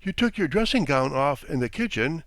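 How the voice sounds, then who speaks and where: A man's voice: fairly high pitch, sing-song, normal speed, a bit bright, no echo, voice pushed up. A man voicing a nervous, easily frightened wife who speaks anxiously and shrilly.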